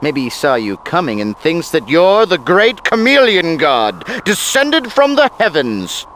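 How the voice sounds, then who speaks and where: A wisecracking AI sidekick from a video game, sarcastic and playful, with a lively, swooping delivery. He takes his time over each line, and game music plays behind him. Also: fairly high pitch, unhurried, a little hiss or hum, exaggerated voice. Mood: teasing. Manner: sarcastic, playful, chants and sings. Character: jokey, irreverent male AI companion.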